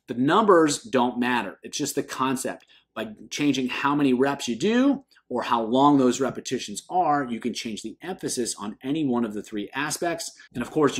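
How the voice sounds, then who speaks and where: A man who is a swim coach, explaining training drills in an instructional video with an emphatic delivery that rises on each list item. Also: medium pitch.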